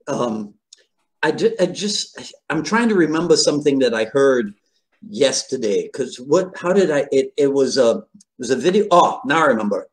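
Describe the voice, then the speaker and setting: A man hosting an interview, speaking in an unhurried way and often acknowledging his guest. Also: mid-range voice, animated, rough recording. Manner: unhurried, frequent short acknowledgments. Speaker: podcast host, interviewer. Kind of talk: casual interview.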